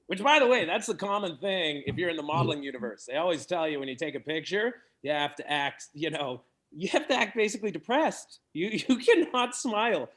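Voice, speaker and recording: A young man from Canada doing a stand-up set at an online open mic, animated and laughing at his own jokes. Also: fairly high pitch, brisk, hardly any pauses. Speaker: stand-up comedian.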